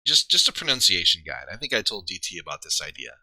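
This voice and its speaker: Casting note: male streamer with a low, bright voice, rambly casual chat, lively ups and downs, dry close mic. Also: fast talker, no room sound. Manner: rambling, thinking aloud with many fillers and restarts. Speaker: streamer and league player.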